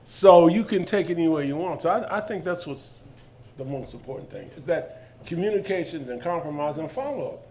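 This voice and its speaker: This is an older man, telling stories on a panel in a lively, colloquial way. His voice sits a touch high for a man, and he slips into the voices of the people in his stories. A faint hiss of noise runs under the recording. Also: brisk. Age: 70s. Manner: animated, colloquial, jumps into voices of others. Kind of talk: storytelling panel talk.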